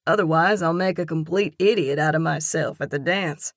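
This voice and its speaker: A woman voicing a man who is the love interest in a romantic audiobook, speaking in an even, wry drawl. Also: deep voice, normal speed, no room sound, clean studio sound. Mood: teasing, calm. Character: man, warm easygoing teasing love interest.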